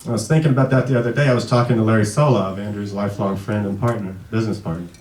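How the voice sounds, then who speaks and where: A man in his thirties giving an emotional tribute speech at a memorial event, halting and full of restarts, sometimes fighting back tears. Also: on the low side, fairly even intonation, noisy background. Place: event hall. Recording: echoey hall, far from the mic.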